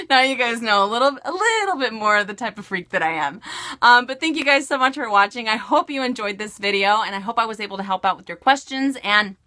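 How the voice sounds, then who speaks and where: A woman's voice: a little high, animated, brisk, pushed and bright. A woman from California answering viewer questions in a casual vlog, bubbly and chatty with frequent giggles. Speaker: beauty and fashion vlogger.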